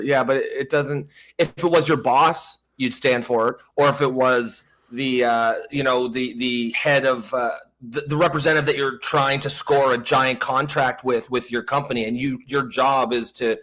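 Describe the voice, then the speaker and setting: A man's voice: medium pitch, steady tone, unhurried, a bit bright. A man hosting a casual political talk show, stammering and swearing as he argues, laughing often. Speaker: podcast host.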